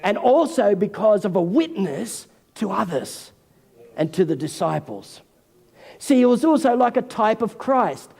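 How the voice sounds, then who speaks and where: A man, senior pastor, preaching a sermon in an animated way and acting out the voices of figures from scripture. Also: high-pitched, a little slow, creaky. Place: church hall. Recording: long hall reverb.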